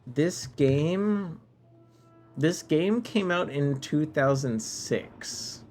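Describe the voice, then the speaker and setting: A man's voice: on the high side, expressive, very slow, darkish tone, faint music behind. A man streaming a game live, musing aloud and bantering playfully with viewers.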